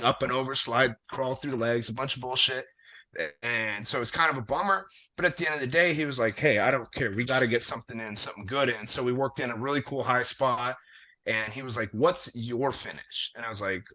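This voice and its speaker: A man, a wrestler, telling a long story in casual conversation, animated and profane with plenty of fillers. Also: mid-range voice. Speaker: wrestler guest. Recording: dull lo-fi audio.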